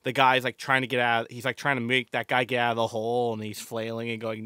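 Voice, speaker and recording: A man's voice: medium pitch, completely flat delivery, quick pace, sharp tone, dry recording, clean studio sound. A man co-hosting a podcast in casual chat, rambling with many fillers and restarts. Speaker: podcast co-host.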